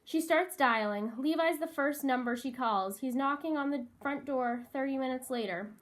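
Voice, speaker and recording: A woman narrates a first-person novel in a high voice. Her delivery is measured and steady, with a wry storytelling touch. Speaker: audiobook narrator.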